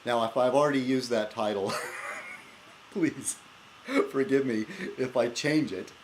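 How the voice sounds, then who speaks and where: A man hosts his own casual video blog, rambling self-deprecatingly and chuckling often into a laptop webcam. His mid-range voice has a darkish tone and a slightly slow pace, with a bit of background noise.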